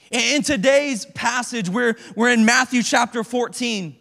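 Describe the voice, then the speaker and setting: A man preaching a casual, animated sermon as a youth pastor, acting out prayers and using slang. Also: very high voice, normal speed, gravelly, hardly any pauses. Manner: animated, acts out prayers in character. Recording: reverberant hall.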